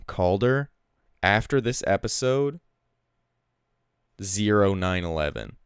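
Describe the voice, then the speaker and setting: A man's voice: on the low side, animated, takes it slowly, clean tone, no room sound, studio quality. A man co-hosting a casual comedy podcast, reading emails aloud with amused laughter. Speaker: podcast co-host.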